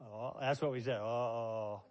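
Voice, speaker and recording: Older man preaching in a higher voice. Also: expressive, unhurried, highs cut off. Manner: conversational storytelling, acts out family quotes. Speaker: pastor. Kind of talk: sermon with personal story.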